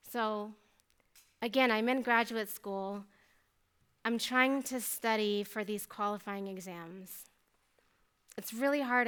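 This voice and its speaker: A woman in her thirties, a mathematician giving a faith testimony talk, telling her story in an animated, chatty way with many asides. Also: medium pitch, clear, resonant tone.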